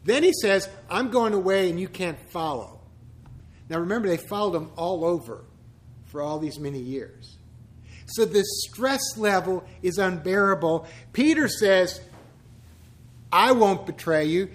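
Man, pastor, high voice, conversational church teaching, joking asides, rhetorical questions. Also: expressive, measured pace.

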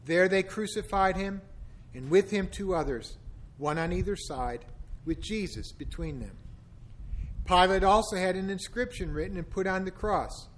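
A man reads scripture aloud in a steady, solemn, measured voice. His pitch sits a little high for a man. Each phrase is set down with care. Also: rough recording. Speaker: scripture reader.

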